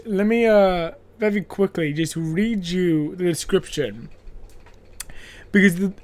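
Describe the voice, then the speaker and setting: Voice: medium pitch, a little mellow. A podcast host in a casual horror movie review chat, rambling and self-interrupting, laughing often and swearing casually.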